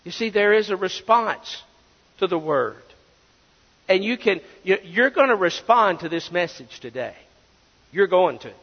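A man with a high voice preaches a sermon, pressing his points with rhetorical questions. His words ring out with a long reverb, as if filling a church sanctuary. The audio is dull and lo-fi. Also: expressive, a little slow, vocal fry, husky. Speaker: pastor.

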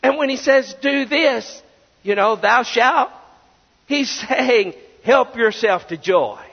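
A man with a high voice preaches a sermon, pressing his points with rhetorical questions. His words ring out with a long reverb, as if filling a church sanctuary. The audio is dull and lo-fi. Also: lively intonation, slow, gravelly, breathy edge. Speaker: pastor.

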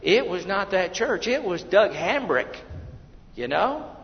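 A man preaching a fervent sermon as pastor of a church, swinging from shouted lines to hushed asides. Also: high-pitched, big pitch swings, slow. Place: church sanctuary. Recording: dull, lo-fi, with long hall reverb.

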